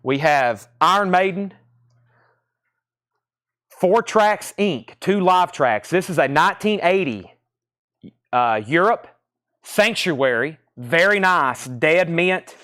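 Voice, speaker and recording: A man's voice: on the high side, animated, slow pace, long pauses, fairly bright tone, no room sound, clean studio sound. A man with a Tennessee Southern accent, hosting a live-streamed record sale and rattling off bids and prices, often repeating himself. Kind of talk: live-stream auction selling.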